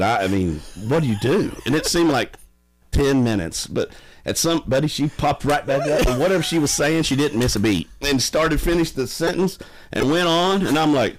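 A man casually telling stories, animated and often laughing. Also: a little high, moderate pace. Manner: animated, laughing, drawling storyteller. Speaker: podcast guest. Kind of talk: casual storytelling.

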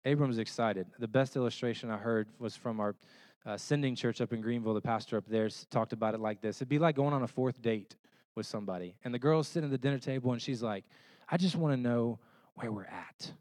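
A man giving a sermon as a pastor. He tells homey stories in an animated way and keeps checking in with rhetorical questions. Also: mid-range voice, quick pace, no echo. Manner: conversational, checks in with listeners through rhetorical questions; animated storytelling with homey illustrations.

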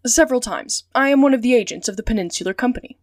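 A woman voicing a sly, cautious male agent in a storybook reading, asking careful, measured questions. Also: a little high, lively intonation, dry recording, clean studio sound, lightly acted. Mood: probing.

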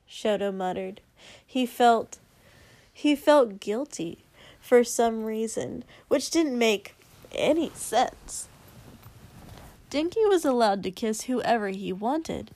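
A woman narrating a story in a steady, unhurried reading. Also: on the high side, dry recording. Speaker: audiobook narrator. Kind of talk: story narration read aloud.

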